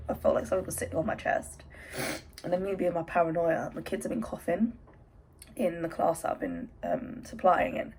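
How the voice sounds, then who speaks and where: A woman's voice: deep voice, gravelly, darkish tone, slight background noise, poor audio. A young English woman chatting in a rambling vlog from her bedroom, out of breath with hay fever. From England. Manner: chatty, rambling, self-interrupting. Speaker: vlogger. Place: bedroom at home.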